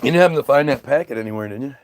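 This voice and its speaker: A man's voice: mid-range voice, expressive, rapid-fire, slight background noise. A man talking casually to the camera outdoors in freezing weather, rambling, swearing and stammering as he repeats himself. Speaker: vlogger.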